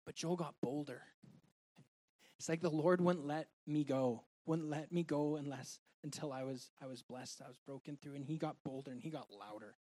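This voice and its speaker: A man preaching a sermon and sharing a personal testimony, earnest and heartfelt, moving between loud and soft delivery. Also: a little high, moderate pace.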